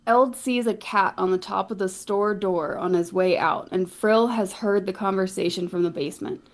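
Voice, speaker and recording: A woman's voice: mid-range voice, normal speed. A woman casually narrating a recap of a tabletop game session, wry and often swearing.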